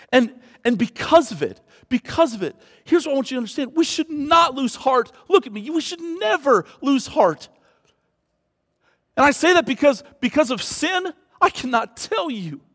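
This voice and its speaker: A man preaching a sermon as pastor, earnest, swinging from hushed lines to loud rises. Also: very high voice, sing-song, normal speed, big-room sound.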